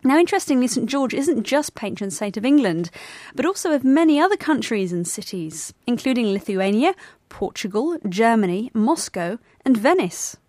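Clear, higher-voiced woman presenter. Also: sing-song, moderate pace, a little mellow, dry recording. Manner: clear, explanatory. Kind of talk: scripted educational podcast.

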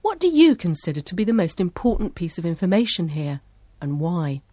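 Female presenter, lowish voice with lively intonation, clear measured scripted narration. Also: dry recording. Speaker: programme presenter.

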